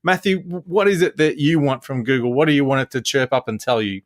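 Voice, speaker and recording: An Australian man co-hosts a tech podcast in a relaxed, chatty way, tossing out questions and laughing along. His voice sits in a plain mid range. The sound is dry and close. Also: medium pitch, fast, no room sound. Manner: easygoing, asks questions, laughs easily. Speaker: podcast co-host. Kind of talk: casual podcast chat.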